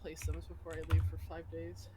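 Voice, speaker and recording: A woman's voice: low-pitched, fairly quick, heavy background noise. A young woman streamer chatting casually, telling stories with lots of laughter and swearing. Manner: giggly, animated storytelling with swearing. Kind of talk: casual chat.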